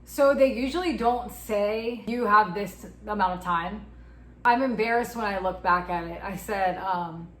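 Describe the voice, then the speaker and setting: A woman in her twenties, interviewed, candidly shares a personal story and often acts out the dialogue she's quoting. Her mid-range voice moves unhurriedly, and the audio is poor and reverberant.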